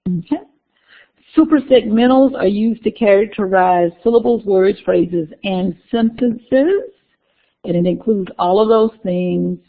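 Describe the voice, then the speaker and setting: Woman instructor, casual lecture delivery, gravelly voice, tinny phone-quality recording. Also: mid-range voice, measured pace. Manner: conversational, repeats key terms, talks through slides.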